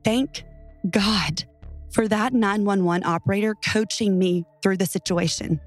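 A woman's voice: medium pitch, a little slow, soft background music. Woman narrating an earnest, tense true story.

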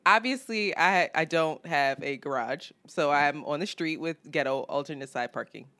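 A woman hosting a podcast, telling stories in an animated, profane, laugh-filled casual chat. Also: deep voice, moderate pace. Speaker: podcast host.

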